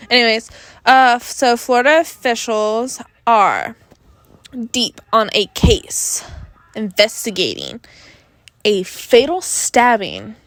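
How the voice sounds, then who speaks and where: Slow-talking giggly young woman host. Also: a little high, no echo. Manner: rambling and giggly, trailing off into mumbles. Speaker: podcast host. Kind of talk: casual chat.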